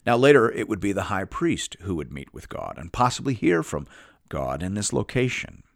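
A man teaching a Bible study, reading scripture aloud and explaining it in a measured way with lively emphasis. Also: on the low side, creaky, no echo, clean studio sound.

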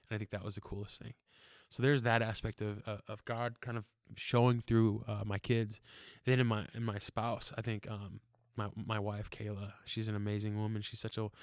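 Earnest young man sharing faith, halting. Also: on the low side, no room sound, studio quality. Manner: earnest, halting, many fillers and restarts. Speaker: church member sharing testimony. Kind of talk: casual testimony talk.

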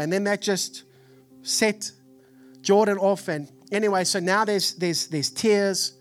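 A man in his forties with a Texan accent, preaching a sermon in an animated, storytelling way. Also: high voice, slow, faint music behind. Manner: animated storytelling, acts out family voices. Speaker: pastor. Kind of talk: sermon with personal stories.

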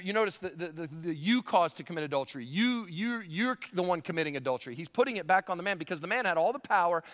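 A man's voice: high voice, fairly bright tone, big-room sound. A male pastor preaching a sermon in a conversational way, often repeating words and chuckling.

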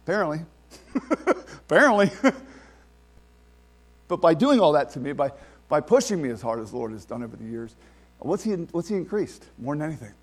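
A man preaching to his congregation in a loose, talky way, stumbling over restarts and swinging from near-whispers to loud bursts. His voice sits high and leaps all over the place in pitch. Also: fast talker, a little hiss or hum. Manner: animated and conversational, with many restarts and sudden swings between soft and loud. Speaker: pastor. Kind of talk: sermon.

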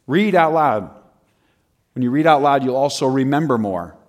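A man preaching in an animated, conversational style, often laughing between his points. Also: medium pitch, normal speed. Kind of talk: humorous sermon.

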